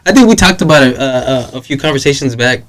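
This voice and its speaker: A man's voice: medium pitch, expressive, fast, noisy background. A man hosting a casual podcast chat, loose and talkative, often repeating words as he restarts his sentences. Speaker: podcast host.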